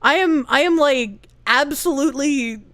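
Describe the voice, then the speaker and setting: A woman streamer chatting casually and reading viewer comments aloud, giggly and animated, swearing freely. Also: sits high, measured pace. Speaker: live streamer.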